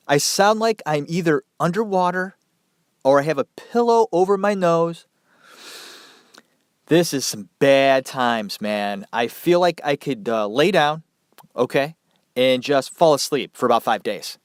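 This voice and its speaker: Male podcast host, nasal and congested with a cold, unhurried, dry close sound, casual and profane. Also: fairly high pitch, lively intonation, clean tone, no room sound. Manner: loose and profane, chatty asides. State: stuffy head cold.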